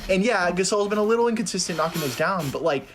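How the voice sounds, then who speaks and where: A young man co-hosting a casual sports podcast, talking in an animated way that is full of "like" and "dude". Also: high-pitched, fast, slight background noise. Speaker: podcast co-host.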